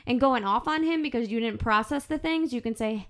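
A woman hosting a podcast in casual conversation, candid and animated, swearing freely and acting out her own inner voice. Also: fairly high pitch, brisk, hardly any pauses. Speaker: podcast host.

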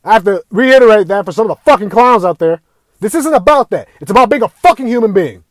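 A man's voice: high voice, animated, quick pace, dry recording. A man delivering an angry, profane rant to camera, swearing constantly and raising his voice at times. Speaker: video ranter.

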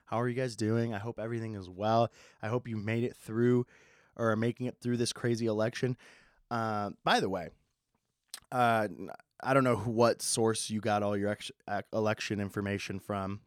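A young man hosting a casual solo podcast, rambling with sarcasm and plenty of swearing, speeding up and slowing down as he goes. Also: lowish voice, fairly even intonation, no room sound, clean studio sound. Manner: sarcastic, swears a lot, swings between fast and slow. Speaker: podcast host.

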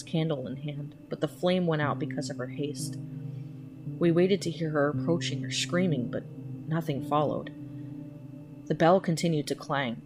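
A woman reading a scary story aloud in a slow, hushed, measured way. Her voice sits deep and low. Quiet guitar music runs beneath the narration. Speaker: podcast storyteller. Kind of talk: scripted horror narration. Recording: music playing under the voice.

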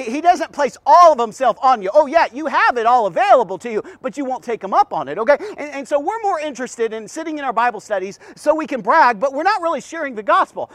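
A man giving a rambling devotional talk, stammering and repeating himself with animated asides. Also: very high-pitched, no room sound. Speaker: devotional podcast host.

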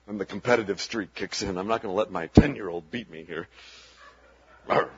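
A man's voice: lowish voice, darkish tone, dull audio, a little hiss or hum. A man preaching a sermon as pastor, talking in an earnest, conversational way and chuckling between points.

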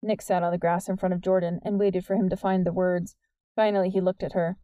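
A woman narrating a young adult novel as an audiobook in a steady, measured way. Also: fairly low pitch, no echo, lo-fi sound. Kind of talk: scripted narration.

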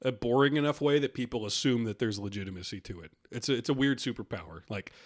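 A man's voice: mid-range voice, fast. Rambling, laughing man on a comedy podcast. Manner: rambling, laughs often, quotes people in put-on voices. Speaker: podcast co-host. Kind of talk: casual comedic chat.

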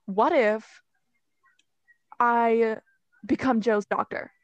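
An eager, overconfident young male doctor speaks breezily, as a woman puts him on. The voice is a bit high and recorded dry. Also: fairly even intonation, drawn-out words, no room sound.

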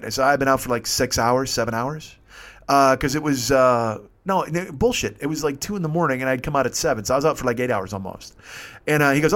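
A young man telling a story in casual, profane podcast chat, acting out the other people's lines. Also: medium pitch. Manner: fast, profane, animated, acts out dialogue. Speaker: podcast host.

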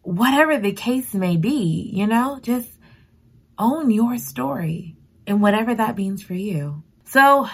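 A woman recapping a book in a casual, expressive way, exclaiming and reacting emotionally as she talks. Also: lowish voice. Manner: expressive and emotional, exclaiming and talking back to the story. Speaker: book reviewer.

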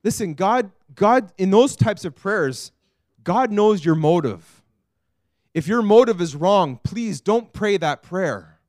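A man preaching a sermon as pastor, earnest, dropping to a hush and rising to loud pleading. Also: high voice, animated, takes it slowly, dry recording, clean studio sound. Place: church.

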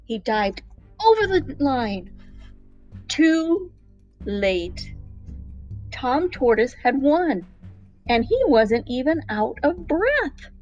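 A woman reading a storybook aloud to children in a playful, expressive way. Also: sits high, extremely slow, lo-fi sound, soft background music.

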